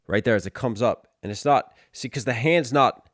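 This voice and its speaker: A man's voice: mid-range voice, normal speed, fairly bright tone, no echo, clean studio sound. A man, a rapper, breaking down a song in reaction commentary, analytical and often checking in with "right?". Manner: analytical, keeps asking "right?".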